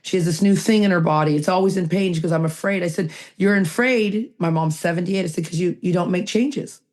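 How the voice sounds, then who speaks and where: On a video call mic, a recovery podcast co-host speaks with a lowish, darkish voice at a slightly fast pace. She's emphatic, tossing out rhetorical questions that she then answers herself.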